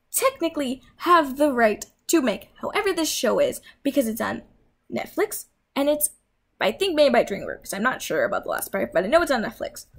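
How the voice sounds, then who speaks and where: A young woman vlogger in a heated, swearing rant, scolding her viewers. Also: high-pitched. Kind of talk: angry rant.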